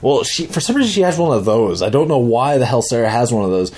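Rambling, animated man telling a story. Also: mid-range voice, fast, husky. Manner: animated, rambling, profane, acts out quotes. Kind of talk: casual storytelling.

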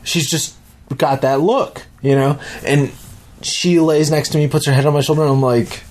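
A man's voice: on the high side, moderate pace. Swearing young man telling a dream. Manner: rambling, swearing, lively retelling with restarts. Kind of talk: casual storytelling.

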